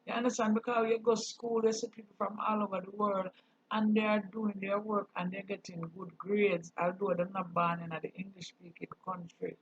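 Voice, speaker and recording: A man's voice: high voice, little pitch movement, normal speed, breathy edge, no echo. A man from Jamaica with a Jamaican accent, talking earnestly in a casual monologue and mixing patois with English. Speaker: channel host. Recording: dull dry recording.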